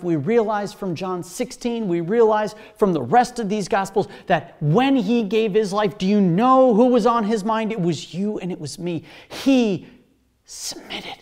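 A preacher giving a sermon, animated and swinging from loud emphasis to hushed whispers. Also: medium pitch.

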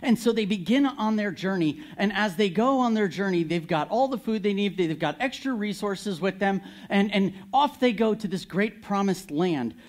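A man preaching a sermon, candid and animated, retelling a Bible story with occasional laughs. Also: high-pitched, moderate pace, few pauses.

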